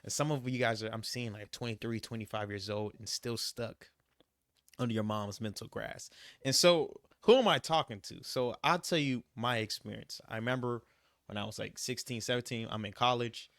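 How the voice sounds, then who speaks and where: A man's voice: mid-range voice, moderate pace, a bit bright, no echo, studio quality. A young man vlogging about his travels, talking to viewers in a casual, emphatic, repetitive way as he gives motivational advice. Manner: emphatic, repeats his points, says "you gotta" a lot. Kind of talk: casual motivational vlog talk.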